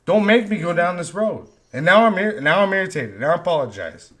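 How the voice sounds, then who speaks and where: Man, live stream rant, frustrated, swearing, repetitive, slightly high voice. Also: lively intonation, a little fast, fairly bright tone, slight background noise. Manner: frustrated, profane, repeats himself. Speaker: live stream host, vector artist. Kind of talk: ranting live stream monologue.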